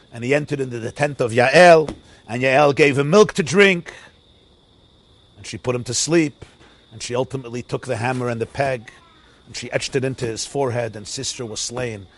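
A man giving an animated, sing-song Torah lecture. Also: medium pitch. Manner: animated, sing-song preaching with Yiddish and Hebrew terms. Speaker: rabbi teaching a Torah class.

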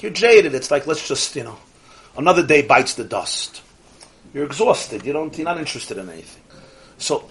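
A man's voice: mid-range voice, a bit bright, slight background noise. Emphatic man teaching a religious class. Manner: emphatic, repeats key phrases, asks the audience questions.

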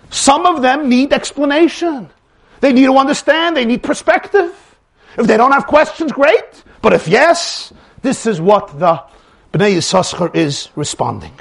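A man's voice: very high-pitched, expressive, a little slow, creaky, fairly bright tone. A man giving a dramatic religious lecture, acting out dialogues with rising emphasis. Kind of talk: animated Torah lecture with acted dialogue.

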